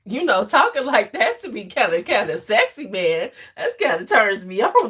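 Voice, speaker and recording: Husky woman rambling on a livestream. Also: medium pitch, very animated, normal speed, few pauses, fairly bright tone. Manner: rambling, laughs often, chats with viewers. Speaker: livestream host. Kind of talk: casual livestream chat.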